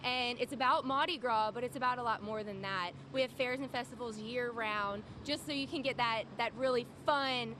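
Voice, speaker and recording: A woman speaking for a tourism board in a live interview on a downtown street, upbeat and polished. Her voice is high. Clear street noise runs behind her. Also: normal speed, hardly any pauses. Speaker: tourism representative. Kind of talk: promotional interview.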